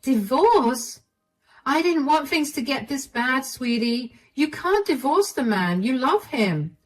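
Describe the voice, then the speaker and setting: A woman voicing an apologetic older mother who speaks gently and pleads to be believed. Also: high voice, animated, slow pace, recorded from a distance, faint music behind, voice pushed up, low-quality recording. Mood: upset, pleading.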